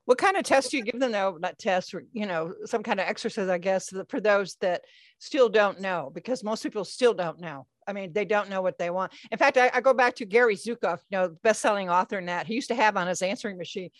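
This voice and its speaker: A woman's voice: medium pitch, quick pace, no echo. A woman talk show host asking a guest questions in a rambling way with many fillers. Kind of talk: interview conversation.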